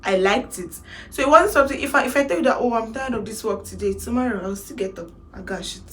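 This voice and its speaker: A woman in her twenties with a Nigerian accent, telling her own story in a casual vlog, animated and slipping into Pidgin phrases. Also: on the high side, fast. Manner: animated, mixes in Pidgin, laughs to hold back tears. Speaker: makeup artist vlogger.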